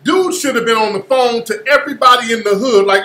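A man's voice: very high-pitched, fairly quick, sharp tone, reverberant. A male radio host giving opinionated commentary, blunt and profane, repeating phrases for emphasis.

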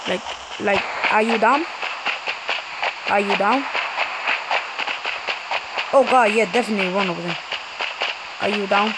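A woman gamer giving excitable let's play commentary, swearing, yelping and muttering at the game. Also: medium pitch, measured pace, long pauses, very noisy.

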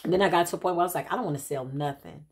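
A woman giving a casual spiritual reading, telling stories in an animated, chatty way and calling her listeners child and honey. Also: deep voice. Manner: quick asides and restarts, laughs at herself. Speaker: intuitive spiritual reader.

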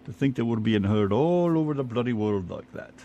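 A man's voice: mid-range voice, fairly quick, lo-fi sound, a little hiss or hum. A man with an American accent co-hosting an online radio show, telling crude jokes in casual banter. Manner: joking, crude, animated.

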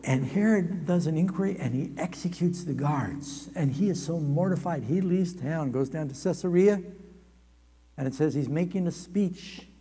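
A male preacher telling a sermon as a lively story, with quick humorous asides. His voice is mellow and a little husky, carrying through a large hall with a long reverb. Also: a little high. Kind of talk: storytelling sermon at a camp meeting.

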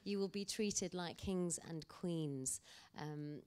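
A woman speaking as an actor guest at an onstage panel discussion, telling anecdotes in an animated way. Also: on the low side, slow, clean tone.

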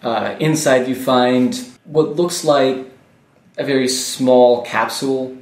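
A man as game master, narrating a tabletop game calmly, with fillers. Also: mid-range voice, takes it slowly. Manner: calm descriptive narration with fillers. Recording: echoey room, mic at a distance.

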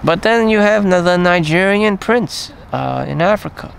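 A man vlogging in a rambling, profane monologue full of fillers and trailing pauses. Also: sits high, lively intonation, creaky, a little hiss or hum.

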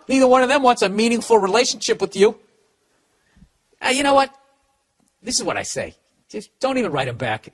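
Profane ranting comedian with a Boston accent. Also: male voice, sits high, a bit bright, breathy edge. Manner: profane, ranting, stammering restarts. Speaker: podcast host. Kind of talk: comedic advice rant.

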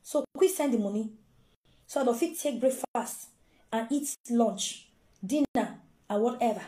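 A Nigerian woman telling a gossip story in an animated, exclaiming way and acting out the quotes. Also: a little high, measured pace, roomy sound. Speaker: gossip vlogger.

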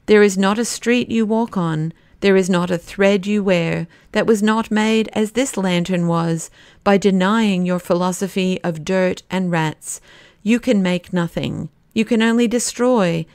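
A woman's voice: medium pitch, a little slow, darkish tone, clean tone, dry recording, studio quality, lightly acted. A woman voicing a fierce young male poet-detective in an audiobook, declaiming with passion. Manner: declaiming, impassioned.

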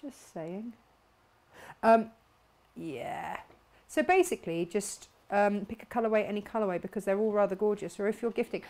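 A woman's voice: mid-range voice, moderate pace, darkish tone. Bubbly chatty woman host. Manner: bubbly, chatty, laughs often. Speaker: host of a craft shop live stream. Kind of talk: chatty live stream, reading out viewer comments.

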